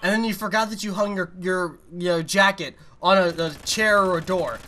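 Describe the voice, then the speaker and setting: A man co-hosting a gaming chat, explaining absurd theories with mock seriousness and loud acted outbursts. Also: sits high, moderate pace. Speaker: gaming channel co-host. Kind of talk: casual comedic chat.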